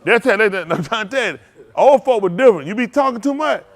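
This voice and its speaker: A man, a preacher telling loose, animated stories to his congregation, laughing often and repeating himself as he goes. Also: high-pitched, fast talker. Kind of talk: loose storytelling sermon.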